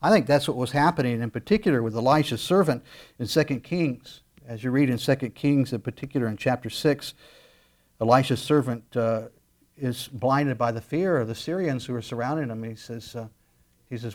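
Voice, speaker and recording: A man preaching a sermon as pastor, swinging between loud emphatic lines and quiet asides. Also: mid-range voice, fairly quick.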